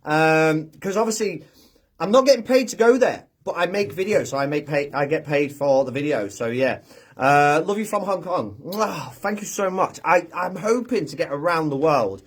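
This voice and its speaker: A man's voice: a little high, lively intonation, normal speed, slightly rough. A British man from the UK hosting a casual livestream, chatting and chuckling as he reads out viewer comments into his phone. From United Kingdom. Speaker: livestream host. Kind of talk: casual live chat reading viewer comments.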